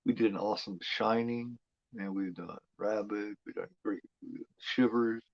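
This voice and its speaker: A man's voice: on the low side, steady tone, normal speed, creaky, dry recording. Profane man rambling through movie commentary. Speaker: host of a horror watch-along. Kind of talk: casual live movie commentary. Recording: dull lo-fi home recording.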